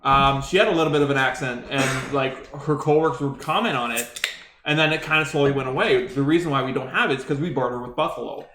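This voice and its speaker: A man's voice: mid-range voice, noisy background. A young Canadian man with a Canadian accent, co-hosting a casual podcast chat, rambling with lots of restarts. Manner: rambling, quick, full of restarts. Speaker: podcast co-host. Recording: echoey room.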